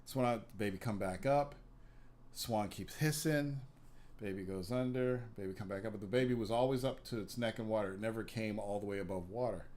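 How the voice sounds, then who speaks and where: A man's voice: on the low side, a little fast, darkish tone. Profane rambling male podcast host. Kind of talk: casual chat.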